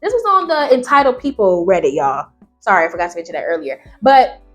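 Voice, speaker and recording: A young woman hosting her channel, who reads stories aloud and reacts to them with blunt, animated rants. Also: medium pitch, fairly quick, soft background music. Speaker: channel host.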